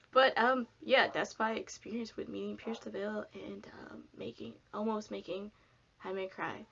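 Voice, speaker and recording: Young woman vlogger, slightly high-pitched, chatty and rambling, lots of filler, lo-fi home audio. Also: vocal fry. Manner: rambling, chatty, heavy filler words, swears casually. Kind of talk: casual storytime vlog. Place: home, sitting down.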